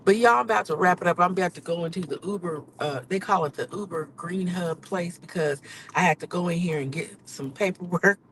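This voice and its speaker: A woman podcaster and rideshare driver venting in a casual live vlog from her car, swinging from low mutters to loud exclamations. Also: fairly quick, slight background noise, poor audio. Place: in a car on city streets.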